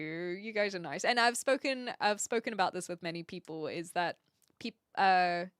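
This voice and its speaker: A woman's voice: on the low side, fairly bright tone, no echo, studio quality. A woman live streamer chatting casually with her viewers, thinking aloud and laughing often. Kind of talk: casual live-stream chat, reading chat messages.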